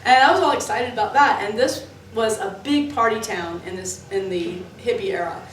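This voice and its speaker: A woman from Florida tells ghost stories in a loose, animated, tangent-hopping way, full of uh's and restarts. She sits some distance from the mic in a boomy, echoing room. A faint hum of background noise runs under her voice. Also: moderate pace. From Florida, USA. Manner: animated, lots of fillers, jumps between tangents. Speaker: club worker interviewee. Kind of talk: rambling anecdotal storytelling. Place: indoors, in the club building.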